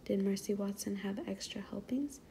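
Soft-spoken woman reading a picture book. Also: medium pitch, moderate pace, slight background noise. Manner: soft, half-whispered reading. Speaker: read-aloud narrator. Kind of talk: children's book read-aloud.

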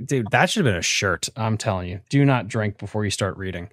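A man's voice: fairly low pitch, animated, brisk, a bit bright, dry recording, studio quality. A man hosting a live fishing podcast, asking long rambling questions in a loose, joking way. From United States. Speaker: podcast host. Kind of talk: casual live podcast chat.

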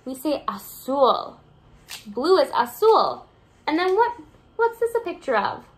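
A young woman teacher reads a picture book aloud to small children in a high, sing-song voice at a moderate pace. She's encouraging throughout and pauses to ask the kids questions.

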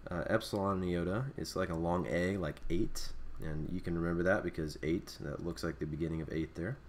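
A man with a low voice teaches a screen-recorded Greek alphabet lesson, talking fairly quickly with fairly even intonation. He explains off the cuff, with many fillers and restarts. There's a little hiss or hum.

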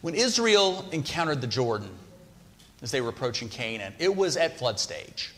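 A man's voice: medium pitch, big pitch swings, normal speed, a bit bright. A man preaching a sermon in a church, talking conversationally and putting questions to the congregation. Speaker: pastor. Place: church sanctuary. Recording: long hall reverb.

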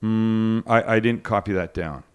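Here the cooking livecast host has a fairly low, smooth voice and talks a little slowly. His banter with co-hosts is relaxed and jokey, wandering as he interrupts himself.

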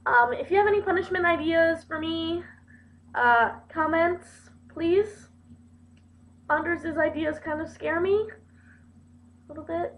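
A young woman vlogs casually to her camera, her high voice drifting along at an easy, slow pace. She giggles and makes fun of herself as she goes. The webcam audio is muffled and lo-fi. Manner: giggly, playful and self-mocking. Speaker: video blogger.

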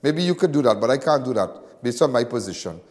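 A middle-aged man with a Trinidadian accent, hosting and speaking to viewers in an impassioned monologue, repeating himself and swinging between loud and hushed. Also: mid-range voice, lively intonation, fairly quick, long reverb tail. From Trinidad and Tobago. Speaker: host.

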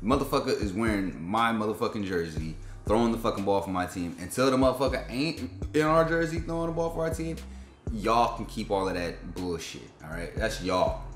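A man's voice: lowish voice, expressive, fairly quick, soft background music. Frustrated, cursing man in an echoey room. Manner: frustrated, profane, slangy. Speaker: sports fan channel host. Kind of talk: casual post-game reaction rant. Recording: echoey room with faint background beat.

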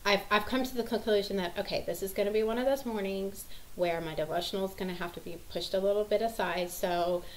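A woman's voice: mid-range voice, quick pace, few pauses, slight background noise, low-quality recording. A mother talking casually to the camera, telling about her busy morning in a rambling, chatty way full of fillers. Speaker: mother of several children.

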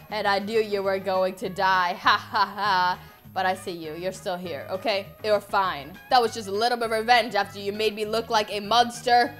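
A woman with a steady, medium-pitched, slightly bright voice role-plays a fed-up mom turned monster at a moderate pace. Soft background music accompanies the gaming YouTuber as she speaks in a dramatic, exasperated way, repeating herself often.

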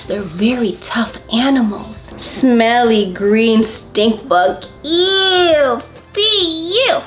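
At story time, a woman reads a picture book aloud to preschoolers in a medium-pitched voice. Her delivery is playful and coaxing, full of gasps and questions aimed at the kids.

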